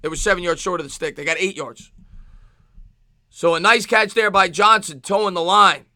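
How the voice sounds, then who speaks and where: A man with a New York accent streaming live play-by-play football commentary, excitable, with rhyming calls and thanks to chat viewers. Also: high-pitched, moderate pace, no room sound, clean studio sound. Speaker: sports streamer.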